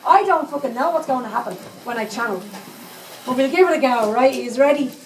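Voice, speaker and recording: A salty seventy-eight-year-old Dublin psychic, played by a woman on stage, rattles on in a broad Dublin accent and swears at every turn. Her voice sits a little high. It comes across from far off the mic in an echoey live room, with faint venue ambience underneath. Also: lively intonation, fast talker, slight background noise. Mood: rousing. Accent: Dublin Irish. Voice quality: salty, swearing constantly, chatty asides. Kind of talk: live stage comedy monologue.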